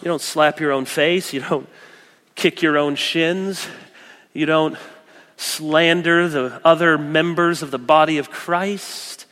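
A man's voice: on the high side, slow pace. Earnest preacher man in a reverberant hall. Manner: earnest, shifting between loud emphasis and soft intimate asides. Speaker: pastor. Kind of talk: sermon.

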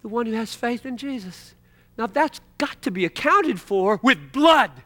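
A man preaching an expository sermon, emphatic, slowing to stress key words and moving between loud exclamations and quiet asides. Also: extremely high pitch, lively intonation.

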